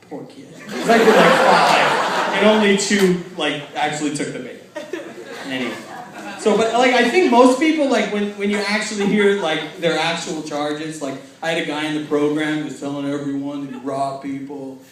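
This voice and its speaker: A man's voice: fairly high pitch, slight background noise. A young man telling a self-mocking stand-up story, rambling with lots of fillers. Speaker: stand-up comedian. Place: large hall with audience. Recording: echoey hall, mic from far off, loud crowd. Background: audience laughing.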